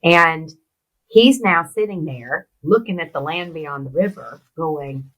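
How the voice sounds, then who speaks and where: A middle-aged American woman, an interview guest, telling a personal story in a lively way and acting out the voices of the people in it. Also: low-pitched, takes it slowly, poor audio. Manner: animated storyteller who acts out quoted voices. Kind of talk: storytelling in conversation.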